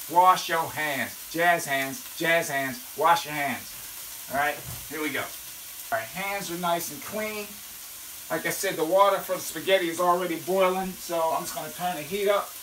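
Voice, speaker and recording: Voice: medium pitch, noisy background. Chatty cook hollering over sizzling pans. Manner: chatty and folksy, checks in with "okay?", bursts into whoops. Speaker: home cooking show host. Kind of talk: casual cooking demonstration. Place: kitchen at a stove. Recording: echoey kitchen from a distant mic, with sizzling pans.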